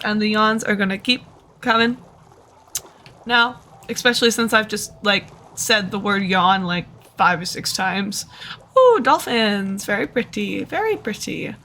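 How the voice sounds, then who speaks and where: A woman's voice: on the high side, bright, forceful tone, slight background noise. A tired woman streamer rambling casually to herself while she plays. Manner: chatty, rambling, self-talking. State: tired, short on sleep. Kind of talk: casual gameplay commentary.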